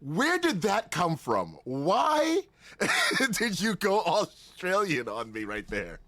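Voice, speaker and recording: A man's voice: sits high, huge pitch swings, slow pace, pushed and bright, no room sound. A man hosting a casual podcast, rambling with lots of restarts and laughing often. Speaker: podcast host.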